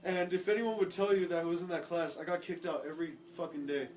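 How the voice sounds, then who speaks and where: A young man with a high voice tells school stories in a loose, rambling way, swearing freely and stopping for filler words. His voice is recorded with a faint hiss of noise behind it. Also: quick pace. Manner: rambling storyteller, swears a lot, acts out quoted voices. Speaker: podcast co-host. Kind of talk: casual chat among friends.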